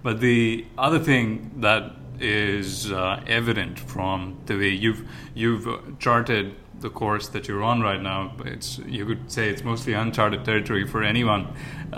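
A man's voice: on the low side, noisy background. A man hosting an interview, asking long, rambling questions full of restarts and fillers. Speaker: podcast host.

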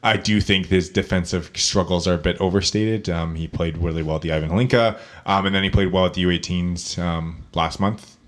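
A man's voice: low-pitched, fairly even intonation, a little fast. A man on a podcast giving casual, rambling hockey prospect analysis with plenty of ums. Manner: rambling, filler-heavy analysis.

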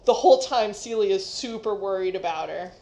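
A woman's voice: medium pitch, animated, moderate pace, dark tone. A woman co-hosting a casual podcast, summarizing a novel's plot in an enthusiastic, chatty way. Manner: enthusiastic, chatty, many fillers like "like". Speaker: podcast co-host. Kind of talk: casual book discussion.

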